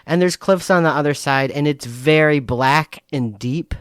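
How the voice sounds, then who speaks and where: A woman co-hosts a podcast in relaxed, casual chat. She tells stories in a rambling way, stopping and restarting her sentences. Her voice is recorded close and dry. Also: low voice, measured pace, clear, resonant tone, no echo. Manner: rambling, hesitant storytelling. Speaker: podcast co-host.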